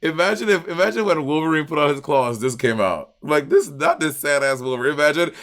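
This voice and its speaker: A man co-hosting a casual chat, animated and playfully argumentative, often laughing. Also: fairly high pitch, brisk. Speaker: podcast co-host.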